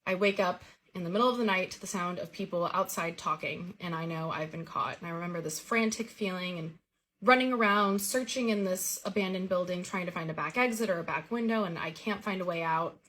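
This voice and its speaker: A woman's voice: on the low side, brisk. A woman earnestly recounting a vivid personal dream story in a casual way. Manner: earnest, vivid retelling with lively quoted dialogue.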